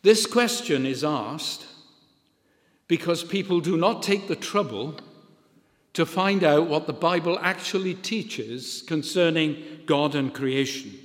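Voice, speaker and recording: A man preaching a sermon, measured and emphatic, repeating key phrases and letting phrase ends fall. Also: on the high side. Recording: long reverb of a church hall.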